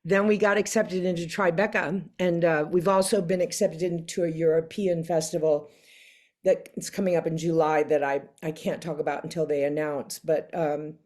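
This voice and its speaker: Lively older woman telling a story. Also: low-pitched, moderate pace. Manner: animated, acts out quoted voices, laughs often. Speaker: interview guest. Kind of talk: casual storytelling interview.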